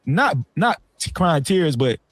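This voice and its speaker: A man hosting a livestream, telling a story in casual, slangy talk that swings between low asides and loud outbursts. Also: very animated, slow, no echo. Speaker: livestream host.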